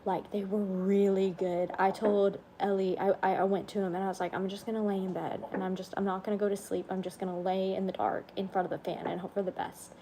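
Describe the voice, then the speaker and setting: A woman's voice: medium pitch, flat delivery, fast, few pauses, slight background noise. Tired woman on a livestream. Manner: rambling, yawning, soft-spoken asides. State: tired and under the weather. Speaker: vlogger on a livestream. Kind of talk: casual livestream chat.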